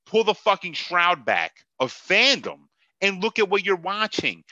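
A man's voice: high voice, sing-song, unhurried, bright, forceful tone, dry recording, highs cut off. A man hosting a sports podcast, ranting with profanity and sarcasm and laughing at his own jokes. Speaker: podcast host. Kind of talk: heated sports podcast rant.

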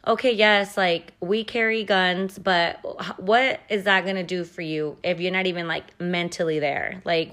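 A woman's voice: fairly low pitch, a bit bright. A woman in her thirties hosting a podcast, telling a story in a blunt, profane, chatty way full of "like" fillers. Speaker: podcast host. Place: at home.

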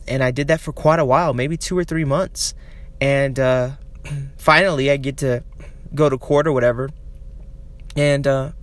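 A man's voice: on the high side, dry recording. Rambling man telling his own story. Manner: rambling, full of "you know", with chuckles and throat-clearing. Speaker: guest recounting his experience. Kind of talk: casual personal storytelling.

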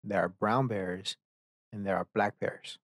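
A man's voice: lowish voice, fairly even intonation, a little slow, fairly bright tone, no echo, studio quality. Profane rambling young man. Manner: profane, rambling storyteller who acts out characters. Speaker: podcast host. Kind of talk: casual rant.

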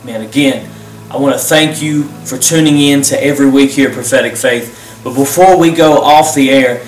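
A man's voice: medium pitch, steady tone, normal speed, soft background music. A man who pastors and hosts the program, giving a fervent, repetitive closing altar call and leading a prayer. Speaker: pastor and host. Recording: roomy sound, distant mic.

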